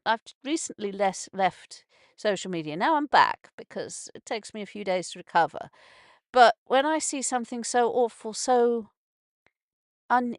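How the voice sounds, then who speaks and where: A woman's voice: medium pitch, no echo, clean studio sound. A woman hosting a casual morning radio show from a narrowboat, rambling with many restarts and swearing when upset. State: emotions heightened after a stroke. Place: narrowboat on a canal.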